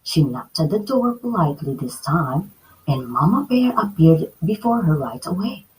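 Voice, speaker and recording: A woman reading a children's story aloud as storyteller, slowly and expressively. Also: deep voice, low-quality recording. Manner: slow, expressive read-aloud.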